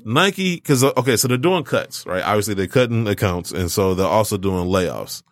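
A man's voice: fairly low pitch, lively intonation, normal speed, no echo, clean studio sound. A man hosting a sneaker podcast in laid-back, slangy casual chat. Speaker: podcast host.

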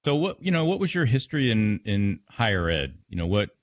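A male interviewer in a conversational interview, leading with quick, affirming interjections. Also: lowish voice, very animated, dry recording. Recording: dry lo-fi recording.

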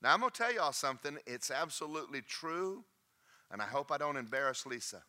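A man preaching a sermon, emphatic and folksy, often shouting to the congregation in a church. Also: on the high side, big pitch swings, fairly quick.

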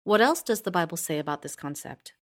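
A woman narrating a scripted lesson on Bible study, reading in a measured, even way with slow emphasis on key words. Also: on the low side. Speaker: course narrator.

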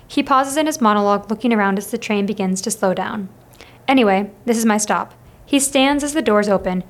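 A woman narrating a novel in first person, steady and expressive, as an audiobook reader. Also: mid-range voice, brisk.

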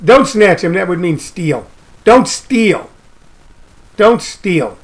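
A man's voice: high-pitched, lively intonation, slow. A man hosting a radio show, riffing loosely in a comedic rant and repeating his phrases. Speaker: radio host.

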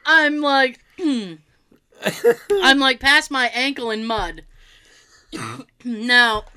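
A woman telling a funny story in a casual chat, animated and laughing often. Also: high-pitched, slow, smooth.

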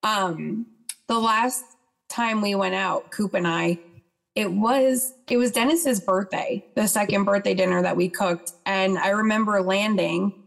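A woman's voice: mid-range voice, creaky. A woman as a podcast guest, chatting and retelling events with quoted dialogue. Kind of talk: casual storytelling interview.

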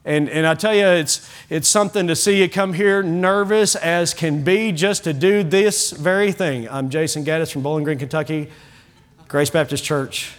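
A middle-aged man gives an evening sermon from a church pulpit. His voice sits fairly high for a man. He talks in a folksy way, often repeating a word or restarting a phrase before carrying on. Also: steady tone, moderate pace. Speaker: pastor. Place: church sanctuary.

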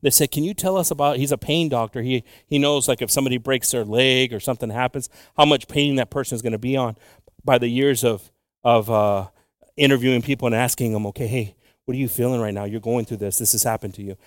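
A male preacher delivering a bilingual sermon, moving from quiet, halting, intimate talk to loud, slow, drawn-out scripture reading. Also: medium pitch, no room sound, studio quality. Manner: halting, with frequent fillers and restarts.

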